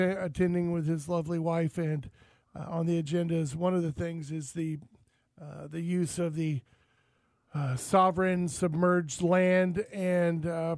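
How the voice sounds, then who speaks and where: A man's voice: high-pitched, gravelly, darkish tone, no room sound. A man hosting an outdoors talk radio show, folksy and rambling with frequent fillers.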